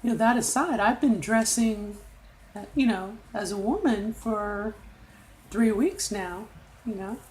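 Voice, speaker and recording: A woman's voice: medium pitch, a little slow, a little mellow, a little hiss or hum, poor audio. A middle-aged woman recording a casual video diary, talking candidly with many fillers and asides. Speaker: vlogger.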